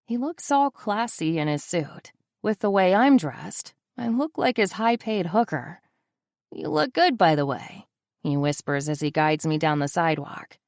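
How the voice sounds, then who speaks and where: A woman's voice: on the low side, lively intonation, moderate pace, darkish tone, dry recording. A woman narrating a first-person audiobook in a wry, sardonic manner, close to the mic.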